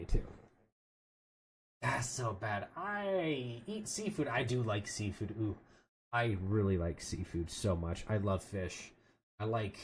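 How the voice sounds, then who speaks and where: A man's voice: lowish voice, slight background noise. A man chatting casually while playing a game, rambling from one story to the next and laughing often. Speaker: streamer. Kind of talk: casual gaming chat.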